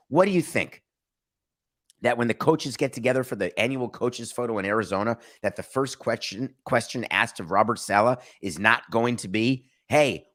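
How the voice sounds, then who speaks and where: A man's voice: mid-range voice, a bit bright. A man hosting a podcast, giving emphatic and sarcastic opinionated sports talk. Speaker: podcast host.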